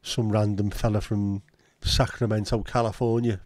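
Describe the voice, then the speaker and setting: Sweary man, low mellow voice. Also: flat delivery, normal speed, no echo. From Liverpool, England. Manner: sweary, sarcastic banter. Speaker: livestream host. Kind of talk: casual livestream chat reading viewer comments.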